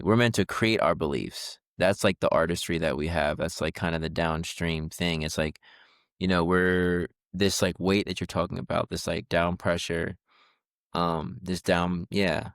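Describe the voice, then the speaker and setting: Here the podcast co-host sounds low, steady, and creaky, taking his time as he talks. His casual chat meanders with many fillers and restarts, captured as clean studio sound with no echo.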